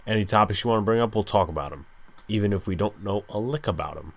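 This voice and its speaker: A young man hosting a solo sports podcast, speaking low and hushed late at night, with a resigned, frustrated fan's tone. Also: expressive, fast talker. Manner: resigned, frustrated fan rant. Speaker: podcast host.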